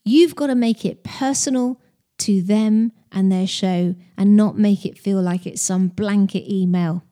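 A woman's voice: mid-range voice, unhurried, warm tone. A woman who hosts a podcast, giving business advice in a chatty, direct way and explaining with stories and analogies. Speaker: podcast host.

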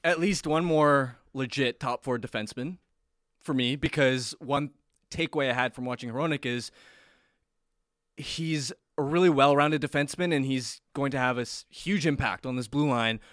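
A man co-hosting a sports talk show, self-deprecating and quick to laugh. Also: medium pitch, a bit bright, no room sound, clean studio sound. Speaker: sports radio co-host.

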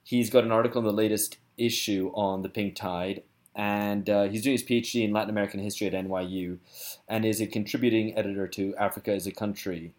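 A man's voice: on the low side, steady tone, fast, a little mellow. A man hosting a podcast, introducing guests and steering a casual, lightly joking chat. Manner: easygoing, lightly joking host. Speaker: podcast host.

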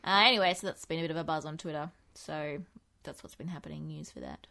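A woman's voice: low-pitched, fast talker, vocal fry, bright, forceful tone. A woman co-hosting a podcast in casual chat, chatty and laughing as she talks, with many fillers. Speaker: podcast co-host.

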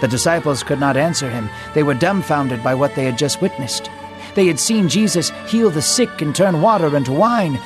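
Guy telling a bible story dramatically, kinda higher voice, soft music behind. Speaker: narrator. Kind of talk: scripted storytelling narration.

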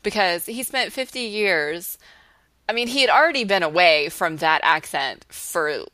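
A woman co-hosting a casual podcast chat, talking in an animated, emphatic way and laughing often. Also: lowish voice, measured pace, no echo. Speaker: podcast co-host.

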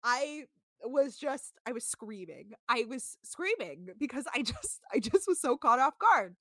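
A woman co-hosting a podcast, telling stories in a casual, animated way with lots of laughing. Her voice is bright and a little high, and her pitch swoops widely. The recording is close and dry. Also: measured pace, no room sound. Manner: animated, laughing, swearing storyteller. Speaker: podcast co-host. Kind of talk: casual chat recapping a reality show. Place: apartment home.

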